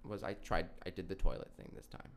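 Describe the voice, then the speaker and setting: A man's voice: low-pitched, fast talker, creaky, a bit bright. Young male podcast co-host, loose rambling storyteller, profane and laughing. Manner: laughing, swearing, rambling with restarts. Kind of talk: casual storytelling chat.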